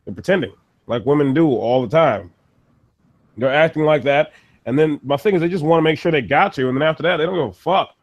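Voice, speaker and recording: A man's voice: a little high, fairly quick, lo-fi sound. A man from the United States who co-hosts a podcast, ranting profanely in casual chat and laughing often. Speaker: podcast co-host.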